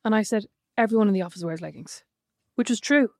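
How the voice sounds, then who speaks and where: A woman co-hosting a podcast in casual chat, telling animated stories and swearing freely. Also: medium pitch, fast, no echo, clean studio sound. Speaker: podcast co-host.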